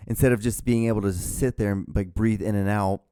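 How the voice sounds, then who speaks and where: A man's voice: on the low side, steady tone, a little fast, warm tone, clean tone, no room sound, clean studio sound. A young man hosting his own show, ranting in a rambling, profane, exasperated way. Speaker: podcast host. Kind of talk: casual rant.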